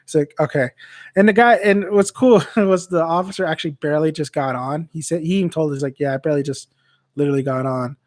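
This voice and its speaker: A man's voice: fairly high pitch, quick pace, dry recording, clean studio sound. A young man hosting a casual livestream, telling a long story with many restarts and fillers. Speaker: channel host.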